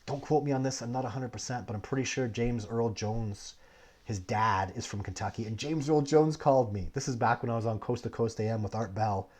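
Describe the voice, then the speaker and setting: A man with a husky, fairly low voice hosts a casual livestream and answers viewer questions. He tells long, rambling stories full of restarts. His delivery jumps from excited outbursts to quiet, muttered asides. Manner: rambling, digressive storytelling with many restarts; swings between animated bursts and low, muttered asides. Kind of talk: casual live Q&A chat.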